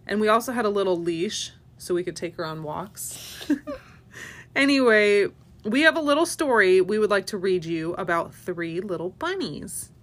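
A woman who hosts a family podcast as a parent reads a children's storybook aloud with expressive, animated delivery. Her voice is mid-range and she speaks at normal speed.

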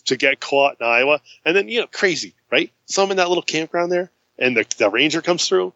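A man casually telling a road-trip story in a chat, acting out the voices of the people he met with big jumps in pitch. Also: lively intonation, brisk, creaky, bright, forceful tone, no echo, muffled recording. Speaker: guest.

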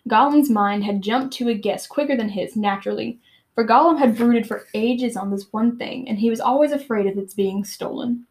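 A teenage girl hosts a podcast, retelling and reading aloud from a book in a chatty style full of filler words. Her voice is on the high side and a little mellow, and she talks at a normal speed.

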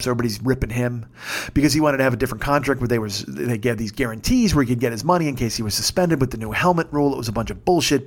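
A man in his fifties telling a rambling, profane story in a casual rant, getting more and more worked up. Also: mid-range voice. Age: 50s. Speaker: podcast host.

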